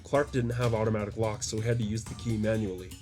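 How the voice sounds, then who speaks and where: A man's voice: fairly low pitch, flat delivery, fast, a little mellow, soft background music. A man reading his own story aloud as audiobook narration, with mild voices for the quoted lines.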